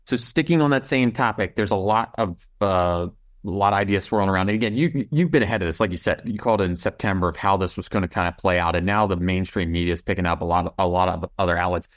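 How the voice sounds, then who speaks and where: Guy interviewer, lowish voice, feels his way through questions. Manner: halting, searching questions.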